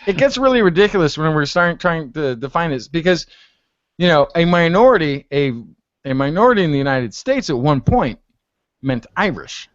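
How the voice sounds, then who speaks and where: A man's voice: a little high, expressive, normal speed, no room sound, highs cut off. A man telling a story in a casual group video chat and acting out the exchanges he quotes. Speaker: hangout panelist. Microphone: computer mic on a video call.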